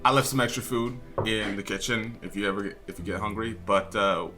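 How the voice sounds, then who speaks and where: A man's voice: lowish voice, a little fast, pushed and bright, faint music behind. A man playing in a tabletop game, hesitant and filler-heavy as he explains a bonus. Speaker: player. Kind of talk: casual tabletop play.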